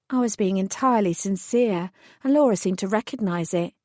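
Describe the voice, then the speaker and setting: A woman reads a first-person fantasy audiobook with wry, expressive delivery. Her voice sits at an ordinary pitch and is recorded close and very dry, with no room sound. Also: moderate pace, no echo. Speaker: audiobook narrator. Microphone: close studio mic.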